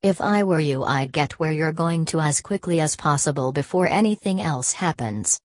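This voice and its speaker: A woman voicing a gruff but kindly male London cab driver who talks in a blunt, matey way. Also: deep voice, animated, moderate pace, no echo. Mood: sympathetic.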